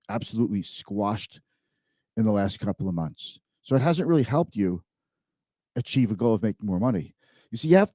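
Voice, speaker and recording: A man's voice: medium pitch, dark tone, no echo, studio quality. A man hosting a live-streamed finance talk show, speaking conversationally and emphatically, often repeating words.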